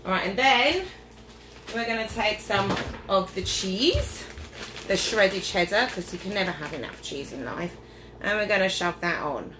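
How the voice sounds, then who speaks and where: A tipsy woman talks her way through a casual cooking demo in her home kitchen, rambling and losing her train of thought. Her voice is medium-pitched and animated at a moderate pace, recorded indoors in an echoey kitchen with clattering dishes and a noisy background.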